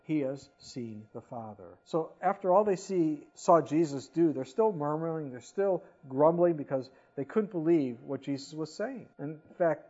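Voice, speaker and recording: A man's voice: a little high, expressive, normal speed, few pauses, dark tone, muffled recording. A man preaching a sermon as a pastor, reading scripture aloud and then explaining it in casual, conversational asides.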